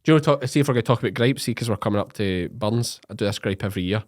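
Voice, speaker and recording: A Scottish man in his thirties, with an Ayrshire accent, co-hosts a casual podcast chat, joking, laughing and acting out little bits. He speaks rapid-fire in a lowish voice.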